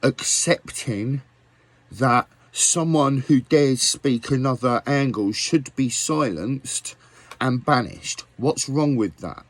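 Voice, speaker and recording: A man's voice: medium pitch, slow pace, dry recording. A man ranting angrily at his viewers, swearing often and firing off rhetorical questions. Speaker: musician vlogger. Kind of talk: angry rant to camera.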